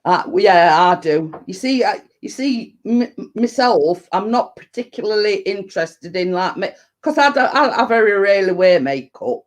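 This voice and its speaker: A chatty woman hosts a relaxed live stream, drifting through rambling stories and laughing easily. Her voice sits at an ordinary middle pitch for a woman. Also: moderate pace, few pauses. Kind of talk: casual chat.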